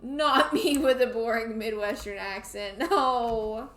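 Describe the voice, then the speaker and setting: A young Southern-accented woman from Tennessee, USA, chats casually as she streams a game, talking to both her viewers and the game's characters. Her voice is a little high, slow and a bit bright, with a roomy echo and faint music behind it.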